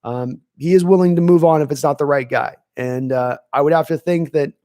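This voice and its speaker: A man's voice: on the high side, brisk, mellow, no room sound, studio quality. A man hosting a live sports stream, chatting casually and answering viewers' questions from the chat as he thinks aloud. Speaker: podcast host reading live chat.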